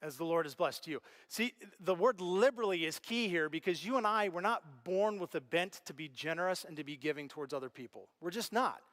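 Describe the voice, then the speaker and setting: A man preaching a sermon as pastor, telling stories with lively, animated reactions. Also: sits high, brisk, hardly any pauses. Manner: animated storyteller, acts out his own reactions.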